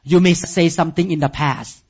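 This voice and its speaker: A male preacher with a high voice delivers a sermon in an emphatic, repeating style and calls on the listeners to respond. The recording is dull and lo-fi. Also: normal speed, gravelly, slightly rough.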